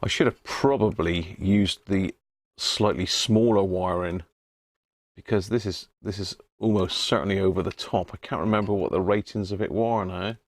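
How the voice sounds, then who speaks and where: A man's voice: sits low, fairly even intonation, moderate pace, dry recording. A man hosting a live stream, chatting casually and muttering to himself as he rewires a radio on his workbench. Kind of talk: casual live-stream chat while working.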